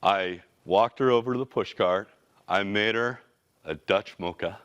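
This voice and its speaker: A man in his forties gives a motivational talk as a company CEO, telling stories with energetic, casual slang. His voice sits slightly low. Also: a little slow, lo-fi sound. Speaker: company CEO, guest speaker.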